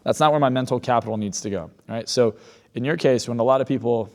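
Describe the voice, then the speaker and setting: A man talks quickly and bluntly as a podcast guest, a hypnotist who is sure of himself. He tells stories and plays out both sides of the dialogue in them. His voice sits at a middle pitch. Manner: blunt, confident storyteller who acts out quoted dialogue. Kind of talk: casual podcast conversation.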